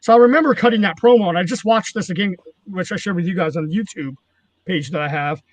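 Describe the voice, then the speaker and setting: A man's voice: high-pitched, fast talker, dry recording. A man, a former wrestling manager, telling rambling, profane stories in casual chat. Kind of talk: casual storytelling.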